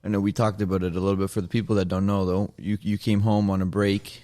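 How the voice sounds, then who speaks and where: A man's voice: sits low, level tone, fast talker, dark tone. A man hosting a casual podcast interview who gives brief encouraging replies and asks follow-up questions. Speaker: podcast host.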